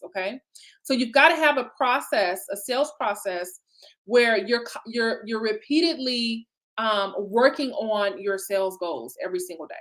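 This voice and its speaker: A lively woman business coach leads a live online session in a chatty, encouraging way. Her voice sits a little high, and she talks as if straight to her group, often stopping to check they follow. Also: moderate pace. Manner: lively, chatty, repeats "okay?" and "right?".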